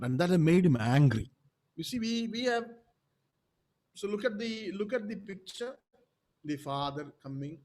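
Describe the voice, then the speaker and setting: His voice is high and a little mellow, very animated yet measured in pace, with frequent pauses as he preaches a sermon as pastor. He hammers points home through emphasis and repetition, often turning to the congregation with rhetorical questions.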